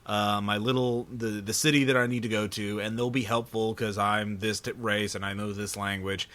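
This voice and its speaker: A man's voice: on the low side, little pitch movement, normal speed, a bit bright. A man co-hosting a podcast, chatting casually and a bit pedantically about tabletop role-playing games. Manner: pedantic, chatty, laughs easily. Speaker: podcast co-host.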